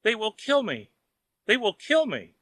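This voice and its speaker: A man's voice: high-pitched, moderate pace, sharp tone, no echo, pitched above the performer's own voice. A man voicing a lazy, miserly old man who wails and pleads in fear, in a children's audiobook. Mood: wailing despair. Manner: whining, wailing pleas. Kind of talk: audiobook character voice.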